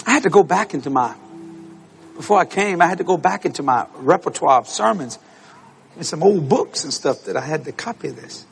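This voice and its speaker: A male preacher delivering an animated storytelling sermon to a congregation, acting out voices and breaking into shouts and laughter. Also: a little high, brisk, gravelly, faint music behind. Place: church service with congregation.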